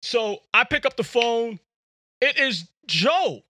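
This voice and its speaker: Animated, high-voiced male podcast host. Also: takes it slowly, dry recording. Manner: animated, slangy, repeats words. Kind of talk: casual storytelling monologue.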